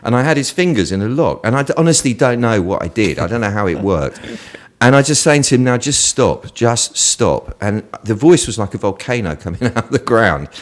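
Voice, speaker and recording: A man, a guest on an interview show, telling stories in an animated way and laughing often in casual conversation. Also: on the low side, quick pace. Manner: lively storyteller who laughs often.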